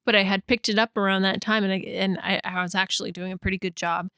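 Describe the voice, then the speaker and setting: A woman co-hosting a podcast in casual chat, halting with lots of fillers and frequent giggles. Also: medium pitch, level tone, pushed and bright, smooth, no echo, clean studio sound. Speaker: podcast co-host.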